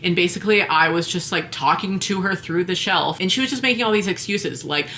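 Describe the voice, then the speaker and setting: A woman's voice: lowish voice, a little fast, sharp tone, slight background noise. A woman vlogger and mom telling a story in casual chat, full of "like" fillers. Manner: chatty, lots of fillers like "like".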